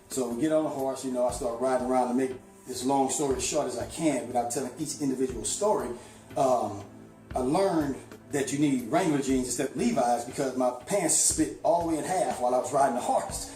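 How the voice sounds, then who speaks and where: A man from St. Louis telling a long, rambling story in a casual, animated way, with lots of "you know.". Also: medium pitch, fast talker, reverberant, soft background music. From St. Louis, USA.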